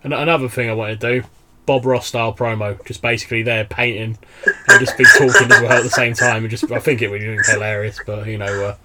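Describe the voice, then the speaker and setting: A man's voice: medium pitch, fairly even intonation, fast, pushed and bright. A man hosting a podcast, chatting casually and hesitantly with frequent "uh"s. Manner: hesitant, with many "uh"s and laughs. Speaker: podcast host.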